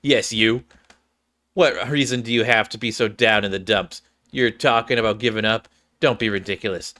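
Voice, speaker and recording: A man's voice: fairly low pitch, moderate pace, sharp tone. A brash girl fighter who talks bluntly and scolds without holding back, read by a man in his own ordinary voice. She sounds defensive and sure of herself. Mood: scolding.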